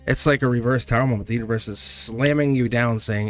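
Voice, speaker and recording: Homem risonho lendo tarô ao vivo. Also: male voice, medium pitch, brisk, hardly any pauses, soft background music. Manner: animated, laughs often, talks straight to viewers. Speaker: tarot reader. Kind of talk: live tarot reading.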